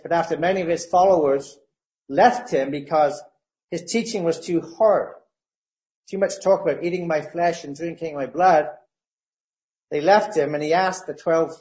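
A man preaching a sermon, reading scripture passages with rising emphasis and slowing down on verse references. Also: fairly high pitch, darkish tone, rough recording.

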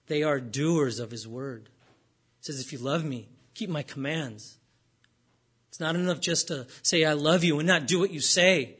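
A man preaching a sermon with a fairly high voice. He speaks earnestly, rising and pressing on key points, then slowing and falling quiet. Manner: earnest preaching, rising for emphasis then dropping low and slow.

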